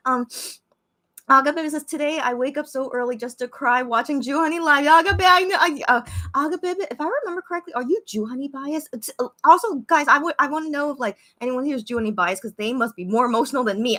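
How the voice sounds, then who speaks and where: A young woman with a high, bright voice talks to her livestream viewers in a loose, excitable way. She reads their comments aloud, stumbles over her words and circles back with lots of fillers. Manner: chatty, excitable, many fillers and restarts. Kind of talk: casual live-stream chat. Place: Korea.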